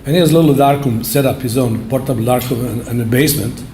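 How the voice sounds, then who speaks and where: An older man in his seventies gives an acceptance speech at a podium, his voice mellow and relaxed. He speaks plainly and haltingly in simple phrases. The sound carries the roomy echo of a banquet hall. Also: mid-range voice, slight background noise. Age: 70s. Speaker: award honoree. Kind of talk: acceptance speech, personal storytelling.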